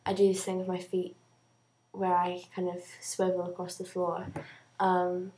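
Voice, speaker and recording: A young woman chatting casually to camera in a video diary, rambling and filling pauses with "um". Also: on the low side, completely flat delivery, warm tone. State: out of breath. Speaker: vlogger.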